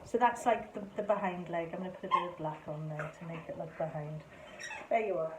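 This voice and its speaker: A woman's voice: lowish voice, a little fast. A cheerful, chatty woman, leading a live painting lesson and talking through each brush stroke. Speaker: art teacher leading a paint-along. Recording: echoey room with faint noise.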